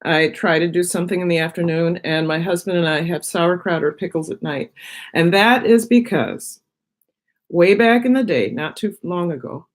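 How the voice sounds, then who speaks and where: A middle-aged vlogger chats casually on her own live stream, eating as she rambles from one thought to the next. Her voice is on the low side and her pace is moderate.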